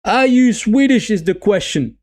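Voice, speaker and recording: A man giving live football watch-along commentary, getting excited at the play, repeating his phrases and reading chat messages aloud. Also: high-pitched, normal speed.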